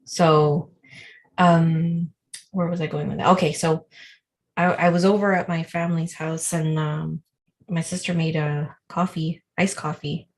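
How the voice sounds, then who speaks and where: A woman co-hosting a live online show, telling a story in a rambling, animated way full of fillers. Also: deep voice, measured pace. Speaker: co-host. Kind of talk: casual livestream storytelling.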